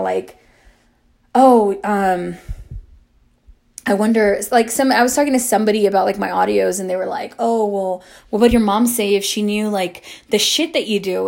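An amateur audio creator in her twenties, she has a gravelly, mid-range voice and delivers a casual monologue story. She's chatty and dramatic in the retelling, swearing and leaning heavily on "like."

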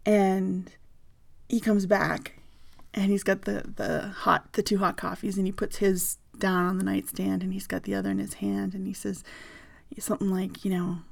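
A woman telling an intimate personal story in a soft, slow voice that often drops into a breathy whisper. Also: medium pitch, level tone.

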